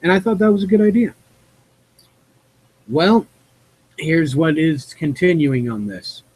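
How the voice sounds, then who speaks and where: A man's voice: on the high side, a little slow, darkish tone, breathy edge, low-quality recording. A man hosting a live Q&A who reads a news story aloud and adds his own rambling opinions, stumbling and correcting himself. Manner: rambling, with fillers and self-corrections. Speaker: streamer hosting a Q&A.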